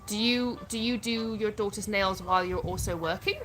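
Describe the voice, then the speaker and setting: A woman in her thirties chats casually on a livestream from home, reading out viewer comments and answering each one. Her voice sits at a middling pitch and comes through a phone. Steady background noise and clicks run behind her. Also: normal speed, rough recording. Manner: chatty, reads out viewer comments and answers them. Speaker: livestream host. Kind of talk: casual live chat.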